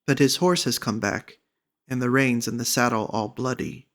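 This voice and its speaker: A man's voice: mid-range voice, moderate pace, a bit bright, close to an everyday voice. Sad tearful young maiden, read by a man. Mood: urgent warning.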